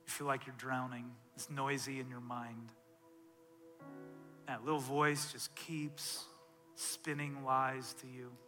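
A male pastor preaching a sermon, swinging from loud, intense passages to soft, hushed ones. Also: medium pitch, flat delivery, slow, soft background music. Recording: long reverb of a large hall.

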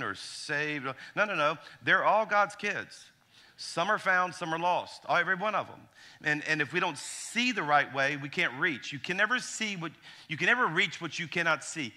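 Pastor, forties, male; bright, crisp tone, humorous sermon storyteller. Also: a little high. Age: 40s. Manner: storytelling with humor, animated asides.

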